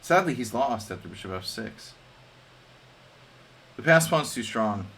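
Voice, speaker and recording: A man's voice: medium pitch, expressive, a little slow, vocal fry, fairly bright tone, slight background noise. A man casually commenting on his chess games during a live stream, joking with chat and thinking aloud over moves.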